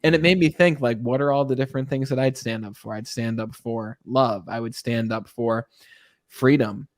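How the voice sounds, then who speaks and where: A man's voice: medium pitch, normal speed, no room sound, clean studio sound. A man hosting a podcast, enthusiastically posing long, layered questions to his guest. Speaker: podcast host. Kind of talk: interview conversation.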